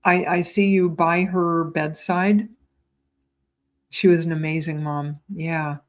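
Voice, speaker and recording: Slow, tender-voiced woman medium. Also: sits low, fairly even intonation, dull audio. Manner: tender, soothing, calls viewers sweetheart; gentle repetitions and small stumbles. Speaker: psychic medium. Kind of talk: live psychic reading.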